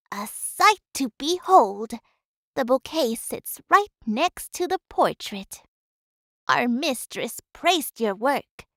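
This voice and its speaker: A humble, chatty housekeeper. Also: female voice, high-pitched, a bit bright, no echo, clean studio sound, heavily acted. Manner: reflective, talkative and humble. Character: humble, talkative housekeeper woman, devoted. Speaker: housekeeper of a manor. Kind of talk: game voice acting.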